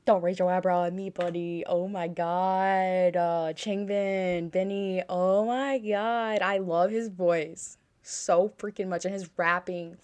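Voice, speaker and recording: A woman's voice: lowish voice, steady tone, slow, few pauses, a little mellow, clean tone. A woman hosting a music reaction video at home, gushing with frequent exclamations and talking to herself as she watches.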